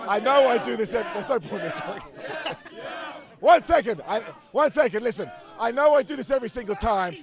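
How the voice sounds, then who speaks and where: A man reviewing wrestling outdoors, bantering loudly with fans around him. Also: very high-pitched, lively intonation, moderate pace. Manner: loud, joking, bantering with fans. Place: outside an arena among a crowd. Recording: loud crowd around him. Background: crowd chatter and street noise.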